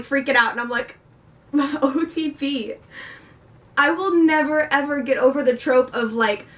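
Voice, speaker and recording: A woman's voice: fairly high pitch, fairly bright tone, distant mic. A young woman chatting casually about a book she loved, gushing and rambling with lots of fillers. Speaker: book vlogger.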